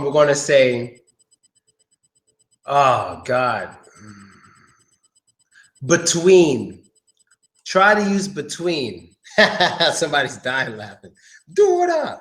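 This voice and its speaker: A man's voice: medium pitch, fairly bright tone, echoey room. Casual joking man teaching English. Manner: casual, joking, thinks aloud. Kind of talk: live online English lesson.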